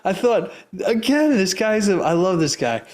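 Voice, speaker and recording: Guy teaching investing live to an audience, excited, tells stories, restarts sentences a lot, laughs a bunch. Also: sits high, moderate pace. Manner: energetic, emphatic storytelling with frequent laughs; rambling, restarts sentences often. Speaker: investing educator.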